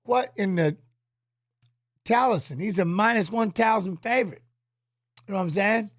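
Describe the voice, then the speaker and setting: A man's voice: high voice, moderate pace, a bit bright, dry recording. Rambling middle-aged man, dry home stream. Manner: rambling, loose, drops filler tags. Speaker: streaming host and former fighter. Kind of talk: casual livestream chat while watching fights. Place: home office.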